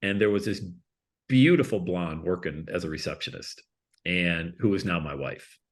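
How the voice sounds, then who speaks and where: A man's voice: sits low, normal speed. A man in his fifties from the Buffalo area, a guest telling his life story in a casual interview and acting out the voices of people he quotes. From Buffalo, New York area.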